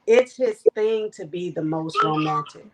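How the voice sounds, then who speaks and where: A woman's voice: on the low side, measured pace, a loud crowd, rough recording. A woman speaking frankly and teasingly in a casual talk show chat.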